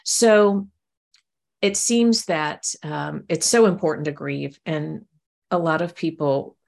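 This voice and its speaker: A woman hosts a podcast interview, affirming her guest and framing questions with frequent pauses and fillers. Her voice is very low, with a gravelly edge of fry running through it. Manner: warmly affirming, halting with fillers. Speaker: podcast host.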